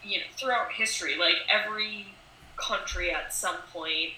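Bright young woman in an echoey room. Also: medium pitch, moderate pace, a little hiss or hum. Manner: rambling, thinks aloud with many fillers. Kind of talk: casual chat.

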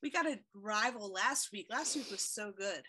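Podcast co-host: a chatty woman with a bright, forward tone, laughs easily. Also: medium pitch, animated, normal speed, husky. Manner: chatty, laughs often, many fillers. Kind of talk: casual chat.

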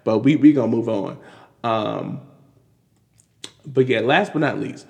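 A man's voice: mid-range voice, unhurried, vocal fry. Exasperated man with hall reverb. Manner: animated, exasperated, many restarts and fillers. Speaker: commentary vlogger. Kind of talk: casual news commentary.

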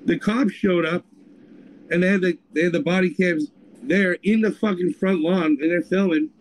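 A man's voice: high voice, steady tone, moderate pace, low-quality recording. A man co-hosting a podcast, telling a story in crude, rambling casual chat. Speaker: podcast co-host.

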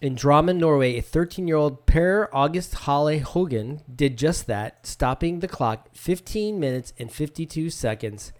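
A man's voice: on the high side, normal speed, hardly any pauses. A man co-hosting a casual podcast in an easygoing way, laughing often and reading out running results. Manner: easygoing, laughs often, reads stats out from notes. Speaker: podcast co-host. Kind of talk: casual chat.

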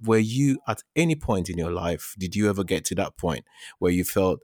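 A man hosting an interview about faith, asking reflective questions in a gentle way. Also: low-pitched, moderate pace, dry recording, clean studio sound.

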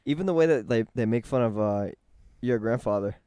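A man's voice: mid-range voice, animated, fairly quick, warm tone, clean tone, dry recording, clean studio sound. A man co-hosting a podcast in an easygoing way, laughing often. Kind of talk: casual chat.

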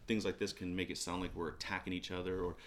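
A man's voice: low-pitched, little pitch movement, fast, slight background noise. A man co-hosting a casual faith podcast, talking earnestly and rambling with many restarts. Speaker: podcast co-host.

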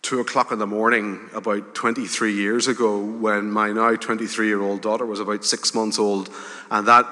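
A man preaching a sermon in a conversational way, with gentle humor and rising emphasis. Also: lowish voice, little pitch movement, normal speed. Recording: hall reverb.

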